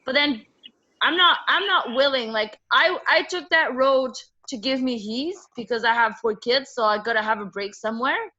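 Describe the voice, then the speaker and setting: A woman's voice: high voice, normal speed, pushed and bright. A mother telling her story on a video call, frank and exasperated, coming back to the same points. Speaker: client guest and mother. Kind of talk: casual testimony on a video call. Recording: muffled lo-fi call audio.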